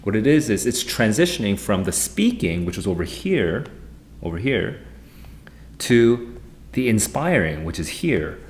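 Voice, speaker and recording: Guy w a lowish voice doing a live sat walkthrough, excitable and rambly, bit of faint hiss behind. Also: a little slow. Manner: excitable, rambling, thinks aloud. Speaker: SAT tutor streaming. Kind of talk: live-streamed test walkthrough.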